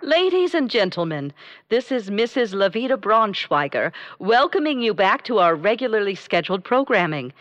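A woman's voice: medium pitch, very animated, normal speed, music in the background. A woman playing a radio announcer, reading sponsor credits in a formal, old-time style.

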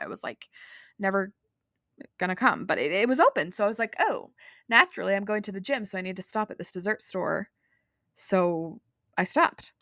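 A woman's voice: mid-range voice, fairly bright tone, no echo. Bubbly young woman podcaster, dry mic. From Utah. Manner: bubbly, chatty storyteller with many "like"s. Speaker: podcast host. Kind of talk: casual solo podcast chat.

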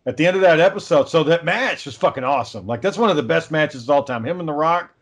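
A man with a slightly high voice tells stories in relaxed podcast chat. He swears casually and laughs along at his own tales. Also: quick pace.

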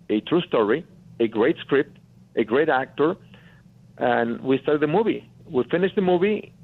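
A man from Mexico with a Mexican accent, a guest producer telling his story earnestly, repeating phrases for emphasis. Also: medium pitch. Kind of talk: phone-in interview storytelling. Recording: tinny phone line.

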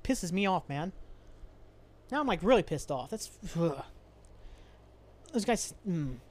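A young man hosts a solo podcast in a high-pitched, very animated voice that is a little slow and a little mellow. He rants angrily and profanely, rambling along with frequent sighs and restarts.

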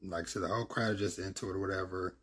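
A man's voice: low voice, fairly even intonation, very fast, a bit bright, breathy edge. A man casually retelling a comic's plot in a rambling, filler-heavy way.

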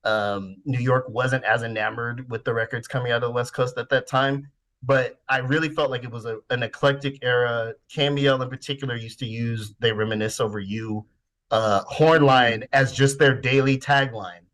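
A man's voice: mid-range voice, fairly even intonation, moderate pace, a bit bright. Podcast host, man in his forties from the Bay Area, easygoing reminiscing talk with casual swearing, mid-range voice. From San Francisco Bay Area. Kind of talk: casual chat.

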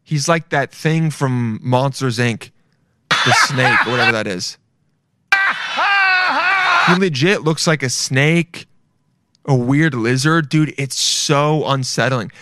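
A man's voice: mid-range voice, slow pace, pauses often, very noisy. A young man giving casual, profane, mocking commentary while reacting to a video, rambling as he goes.

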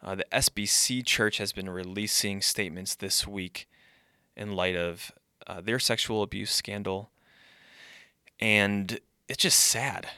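A man's voice: on the low side, measured pace, bright, forceful tone, clear, resonant tone, no echo, clean studio sound. A man who is a pastor and podcast host, speaking in a conversational podcast monologue and thinking aloud.

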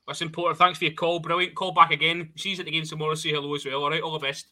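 A man hosting a football phone-in podcast, briskly passing the talk between guests and callers. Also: on the high side, little pitch movement, sharp tone. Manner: brisk, steers the conversation. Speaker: podcast host.

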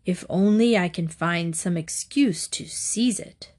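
A woman's voice: lowish voice, slow pace, darkish tone. A woman voicing a proud, bullying male wolf in storybook fables, speaking with growling boasts.

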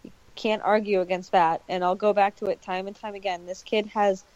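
A woman's voice: medium pitch, little pitch movement, a little fast, darkish tone, no room sound, dull audio. A woman co-hosting a casual baseball talk show, enthusiastic and emphatic. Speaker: sports podcast co-host.

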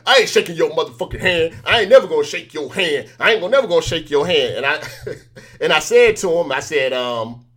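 A man's voice: on the high side, a bit bright. A man as an interview guest, chatting casually and telling stories animatedly, acting out the exchanges he quotes.

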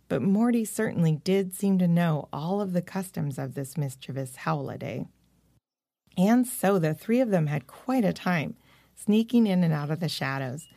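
A woman narrating a children's story in a gentle, expressive reading voice. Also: fairly low pitch, gravelly, dry recording. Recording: dry close-mic recording.

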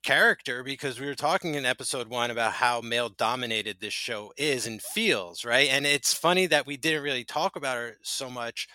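A man's voice: medium pitch, normal speed, hardly any pauses, bright, forceful tone, no echo. A man co-hosting a podcast, chatting casually and rambling with lots of filler words. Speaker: podcast co-host. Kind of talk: casual chat.

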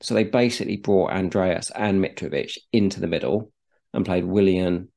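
Man, low voice, gravelly, casual football podcast chat, rambling. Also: moderate pace, warm tone. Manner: chatty, restarts and repeats words. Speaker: podcast co-host.

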